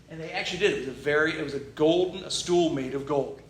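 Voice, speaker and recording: A man preaching a sermon, telling stories in a lively, joking way with asides and restarts. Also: a little high, fast, hardly any pauses, slight background noise. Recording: echoey hall from far off.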